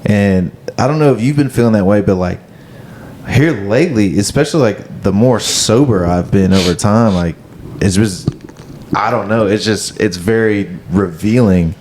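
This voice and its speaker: A young man co-hosting a podcast in casual chat, halting and reflective, full of fillers. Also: lowish voice, a little mellow, slight background noise. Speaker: podcast co-host.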